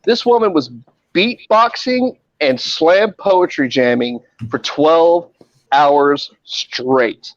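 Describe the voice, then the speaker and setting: A man who works in a hospital emergency room tells stories in a casual group chat, swearing freely and animatedly acting out the people in them. His voice is a little high and slow, and the audio is dull with no room sound.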